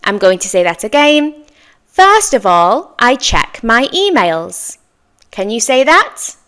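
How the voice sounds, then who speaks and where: Slow, lively-voiced woman English teacher. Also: on the high side. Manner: encouraging, enunciates model sentences slowly. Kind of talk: slow, clear language lesson with repeat-after-me drills.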